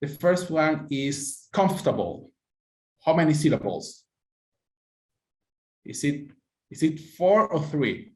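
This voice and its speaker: An English teacher runs an online pronunciation class from an echoey room, heard through a computer mic on a video call. His voice is fairly high and expressive, slow and full of pauses, and he patiently encourages students, calling on them by name.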